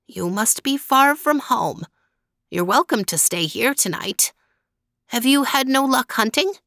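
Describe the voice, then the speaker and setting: A woman voicing a very old, toothless woman who lives in the woods, with a raspy, higher voice. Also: expressive, a little slow, pushed and bright, dry recording, clean studio sound, heavily acted. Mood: kindly.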